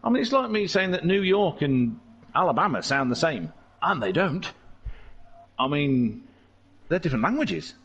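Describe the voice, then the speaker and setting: A man's voice: a little high, very animated, normal speed, pauses often, a bit bright, breathy edge, highs cut off. A man commentating a charity race stream, rambling and joking as he goes off on tangents.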